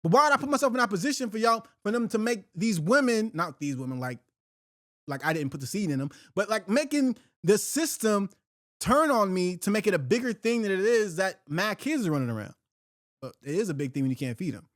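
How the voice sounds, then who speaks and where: Animated, heated man ranting. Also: high voice, fairly quick, no room sound, clean studio sound. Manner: heated, profane, rambling with restarts and slang. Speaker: podcast host. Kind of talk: unfiltered solo talk.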